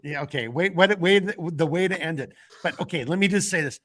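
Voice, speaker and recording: A man's voice: on the high side, a little fast, fairly bright tone. A man hosting a casual late-night chat show, rambling, restarting his sentences and swearing freely. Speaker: podcast host.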